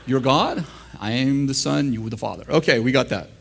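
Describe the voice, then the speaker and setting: A man's voice: medium pitch, fairly quick, creaky, fairly bright tone, a little hiss or hum. An American man preaching a sermon in a church, joking with the congregation and laughing at his own lines. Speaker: pastor. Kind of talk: sermon teaching.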